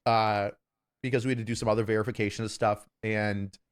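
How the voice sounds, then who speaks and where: Animated man telling a story. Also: lowish voice, brisk, clean tone. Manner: animated, acts out quoted people. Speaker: guest storyteller. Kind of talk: casual storytelling chat.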